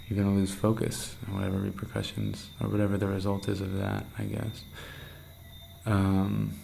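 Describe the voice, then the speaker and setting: Young male vlogger, low gravelly voice with a flat, dark tone, rambling and intense, faint hiss under him. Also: low-quality recording. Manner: rambling, intense, swears a lot, drops to hushed half-whispers. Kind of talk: candid late-night video diary.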